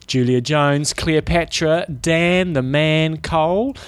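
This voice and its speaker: A man's voice: a little high, takes it slowly, smooth, no echo. A man co-hosting a podcast as a coach, giving dry, understated replies. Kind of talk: casual chat.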